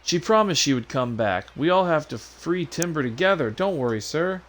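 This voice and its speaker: A man voicing an eager young male rebel lackey who ends his lines with "sir", in a high excited voice. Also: moderate pace, a little hiss or hum.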